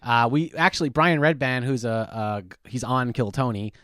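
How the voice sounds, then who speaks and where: A man's voice: mid-range voice, fairly bright tone, no room sound, studio quality. A young man, a stand-up comedian, telling a story in casual podcast chat, rambling with many restarts. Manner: rambling, restarts a lot, talks fast.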